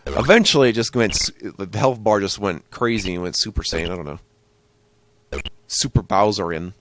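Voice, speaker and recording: A man's voice: fairly low pitch, moderate pace, fairly bright tone, slight background noise. A young man rambling through joking, tangent-filled commentary while playing a retro game. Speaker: gaming channel host. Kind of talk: let's play commentary.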